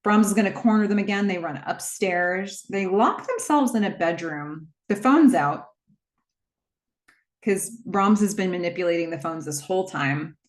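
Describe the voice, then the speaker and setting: A woman retelling a movie plot in a casual, chatty way, with quick asides and small acted-out quotes. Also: medium pitch, roomy sound. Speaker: movie recap host.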